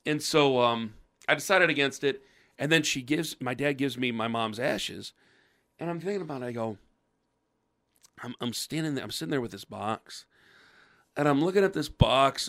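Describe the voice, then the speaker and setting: A podcast co-host with a lingering cough rambles through a story in casual chat, restarting and acting out quoted voices. His voice is mid-range with a fairly bright tone, captured on a podcast microphone.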